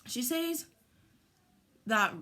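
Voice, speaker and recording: A woman vlogger telling a storytime, animated and heated, with lots of "like". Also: on the high side, extremely slow. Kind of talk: storytime vlog.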